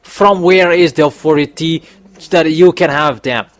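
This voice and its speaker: A man delivers a sermon in a somewhat high voice. He is emphatic and repeatedly pushes up into loud, insistent exhortations. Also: unhurried, no room sound. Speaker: preacher.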